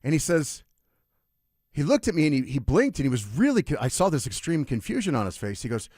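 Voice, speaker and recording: Animated male sports radio host. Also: on the high side, fairly quick, husky, dry recording, clean studio sound. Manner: animated storyteller, lively with asides. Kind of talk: casual radio storytelling. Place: radio studio.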